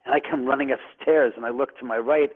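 Calling in as a guest on a radio show, a man with a medium-pitched, steady voice tells a long, rambling personal story at a quick pace. He often stammers and repeats words, and the phone line sounds tinny.

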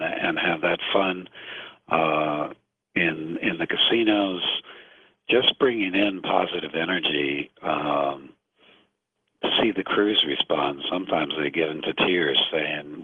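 A man in his fifties speaks as a guest on call-in radio, slow and earnest, pausing often to find his words. His voice sits very low and has a husky edge. The sound is thin and dry, like a phone line. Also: fairly even intonation, dry recording. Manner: slow, earnest, many hesitations.

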